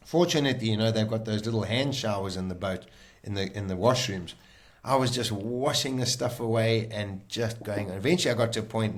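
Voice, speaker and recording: A man, a guest on a podcast, telling a personal story in a vivid, animated way and acting out the lines people said. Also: mid-range voice.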